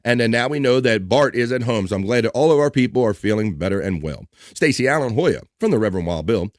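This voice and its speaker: A man's voice: mid-range voice, animated, fast, no room sound. Guy hosting a live stream, reading the chat out, upbeat and chatty, medium voice, dry close sound. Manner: upbeat, chatty, reads chat messages aloud. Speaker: livestream host.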